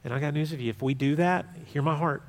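A man with a high voice preaches a sermon to his congregation. He moves from forceful, emphatic lines to quiet, confiding asides in a conversational tone. His voice rings out with a long reverb, as though from a church sanctuary. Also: quick pace. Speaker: pastor.

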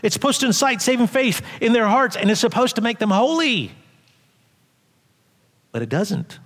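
Animated preaching man in echoing hall. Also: very high voice, moderate pace. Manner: animated preaching, acts out quotes in raised voice, drops to quiet asides. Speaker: pastor. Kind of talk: sermon. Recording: long hall reverb.

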